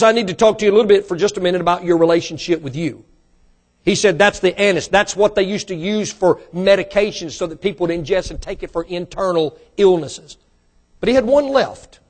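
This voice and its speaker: A man preaching a sermon emphatically, varying his pace and volume, acting out quoted voices and rising to shouts at high points.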